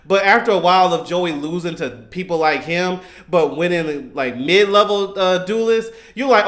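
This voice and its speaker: Excitable high-voiced man ranting about a show. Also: moderate pace, few pauses. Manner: excitable, rambling, quotes characters in raised voice. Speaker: YouTuber reacting to anime. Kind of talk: casual animated storytelling.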